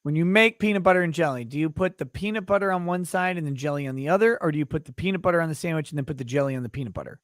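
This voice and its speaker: Dry-sounding, higher-voiced male host. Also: dry recording. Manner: playful, quick questions. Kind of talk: casual interview chat.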